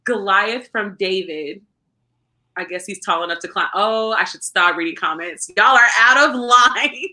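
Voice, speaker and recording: A woman co-hosting a book club livestream, chatting excitedly and reading viewer comments. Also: mid-range voice, a little slow. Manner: excitable, reads chat comments aloud. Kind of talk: casual livestream chat.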